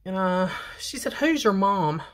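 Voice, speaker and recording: A woman's voice: medium pitch, lively intonation, unhurried. A woman, chatting and telling a story while she does her makeup for a beauty vlog. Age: 50s. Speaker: beauty vlogger. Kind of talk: casual makeup chat.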